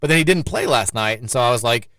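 A man hosting a sports talk show, reading listener messages aloud in a quick, rambling flow. His speech runs fast, and the studio sound is dry and close. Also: mid-range voice, expressive, fairly bright tone, no echo. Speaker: sports radio host.

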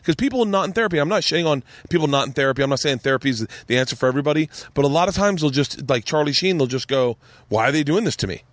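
A man's voice: a little high, expressive, very fast, few pauses, no room sound. A man hosting a podcast, chatting casually, rambling through stories and acting out what people said. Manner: rambling storyteller, acts out quotes, swears freely. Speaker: podcast host. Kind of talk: casual chat.

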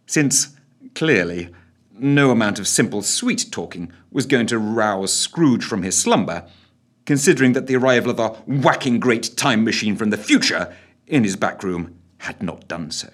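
A man narrating a scripted audio story with a theatrical, wry, very animated delivery and a husky voice. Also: on the low side, moderate pace.

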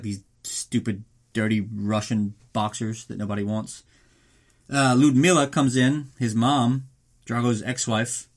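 A man hosting a podcast, recapping a film in a casual, sarcastic, profane way and slipping into quick mock voices. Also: mid-range voice. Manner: reads a mock ad in an upbeat announcer tone.

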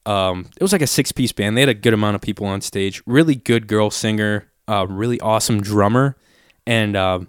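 A man's voice: fairly low pitch, brisk, smooth, dry recording, studio quality. A young man telling a long story in a rambling, profane way, full of "like" and acted-out quotes. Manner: rambling, profane, heavy use of "like", acts out quotes. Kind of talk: casual storytelling chat.

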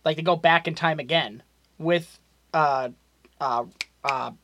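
A woman co-hosting a podcast in casual chat about a movie, chiming in with quick reactions and laughter. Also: deep voice, fairly bright tone, no room sound. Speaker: podcast co-host.

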